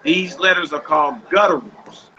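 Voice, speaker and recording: A man's voice: on the high side, moderate pace. A man teaching a Hebrew lesson, reading from a primer and breaking off into casual, plain-spoken explanations while patiently coaching pronunciation. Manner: casual, plain-spoken asides between read passages. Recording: dull lo-fi audio with steady background noise.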